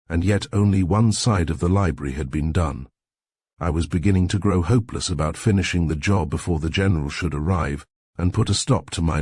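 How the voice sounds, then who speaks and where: A man reading a sleep story aloud in a calm, soft-spoken, measured way with a husky voice. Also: low voice, no room sound.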